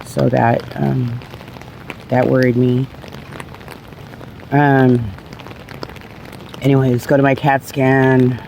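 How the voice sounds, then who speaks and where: A woman's voice: extremely low pitch, level tone, slow pace, gravelly, long pauses, dark tone, a little hiss or hum, poor audio. A middle-aged woman telling her own story in a candid, rambling, blunt way, swearing casually. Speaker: vlogger sharing her cancer story.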